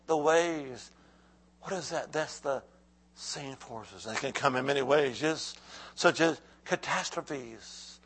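High-voiced man preaching a fiery sermon. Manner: preaching with call-and-response, swinging from hushed to shouting. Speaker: pastor.

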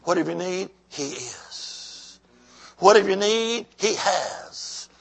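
Male evangelist, husky and raspy, exhorts the congregation and drops from shouts to hushed whispers. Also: high-pitched, expressive, takes it slowly. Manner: calls out to the congregation. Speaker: preacher. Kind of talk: revival sermon.

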